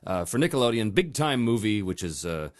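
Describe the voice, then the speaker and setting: A man's voice: lowish voice, sing-song, a little fast. A man hosting a voice acting podcast, chatting casually and reading out listener mail with laughs. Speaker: podcast host.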